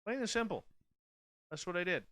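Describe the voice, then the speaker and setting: A man's voice: high-pitched, big pitch swings, brisk, bright, forceful tone, no echo. A man in his forties hosting a radio show, speaking bluntly and candidly in a casual late-night monologue. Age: 40s. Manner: blunt, candid and profane, with many restarts.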